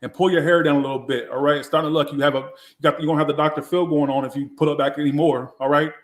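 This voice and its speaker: A man's voice: on the high side, steady tone, rapid-fire. A man giving a casual live tarot reading, talking in a blunt, sassy way with a lot of swearing. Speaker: tarot reader. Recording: echoey room.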